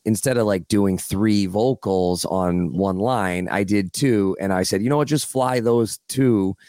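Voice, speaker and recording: Brief: male host, low voice, loose casual chat. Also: a little slow, dark tone, no room sound, studio quality. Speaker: podcast host.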